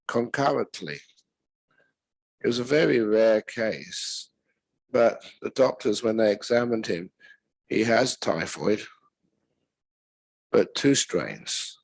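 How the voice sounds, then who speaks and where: Slow, gravelly-voiced Buddhist monk. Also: male voice, medium pitch, no room sound, poor audio. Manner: gentle, unhurried storytelling with pauses. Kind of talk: meditation retreat talk.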